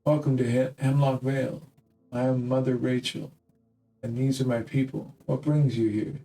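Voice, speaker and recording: A man's voice: medium pitch, flat delivery, normal speed, warm tone, recorded from a distance, faint music behind, natural voice, low-quality recording. A man voicing an imposing gray-haired older woman who leads a village, speaking in a stately, formal way.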